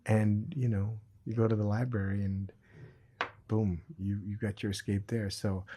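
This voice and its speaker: A middle-aged man talking about recovery as a podcast guest, earnest and reflective with a dry sense of humor, in a husky voice. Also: fairly low pitch, flat delivery, moderate pace, noisy background. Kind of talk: reflective conversation.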